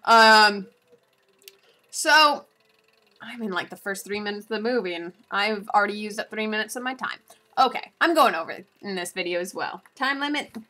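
Woman, vlogger, bright tense tone, rambling asides, casual recap. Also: mid-range voice, expressive, normal speed. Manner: rambling, giggly, jumps between asides.

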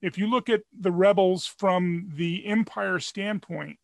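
High, gravelly man with wry quips. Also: fairly even intonation, measured pace, dry recording. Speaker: guest co-host. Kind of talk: casual chat.

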